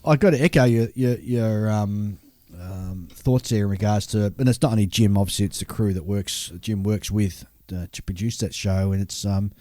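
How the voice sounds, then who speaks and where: An Australian man co-hosts a casual podcast and reads out listener mail. He rambles with plenty of fillers and quick laughs. His voice is close and dry, with no room sound. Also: fairly low pitch, warm tone, no echo. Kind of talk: casual chat.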